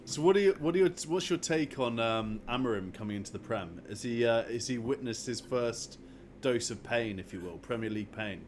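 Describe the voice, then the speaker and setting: A man's voice: medium pitch, lively intonation, fairly quick, darkish tone, a little hiss or hum. A man hosting a casual football podcast, feeding his guest questions and laughing along. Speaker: podcast host.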